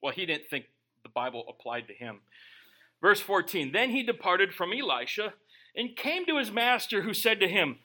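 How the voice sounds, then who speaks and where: A male pastor gives a sermon in a bright, piercing, high-set voice. He reads scripture to his congregation and then drops into joking, conversational asides. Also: big pitch swings, moderate pace, poor audio. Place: church before a live congregation.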